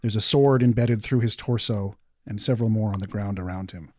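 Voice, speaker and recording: A man running a tabletop game as game master, calmly narrating scenes and calling for dice rolls. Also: on the low side, brisk, dry recording, studio quality. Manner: calm, descriptive narration.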